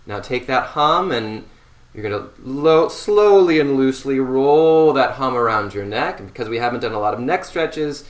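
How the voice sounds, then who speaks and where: A man teaching a seated voice warmup, giving slow, calm instructions between long sustained hums. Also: medium pitch. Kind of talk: guided voice warmup. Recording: roomy echo.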